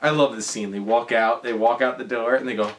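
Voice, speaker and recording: A man's voice: medium pitch, fairly even intonation, a little fast, a little hiss or hum. A drunk young man rambling through a movie plot, stumbling over words and swearing. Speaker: drunk guest recounting a movie.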